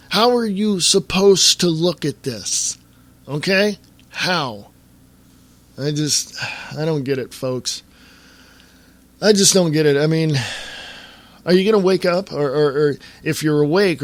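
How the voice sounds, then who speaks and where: A man's voice: a little high, fairly bright tone, dry recording. A man hosting a political podcast, delivering a fiery, ranting monologue straight to his listeners. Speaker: podcast host. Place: Reno, Nevada area.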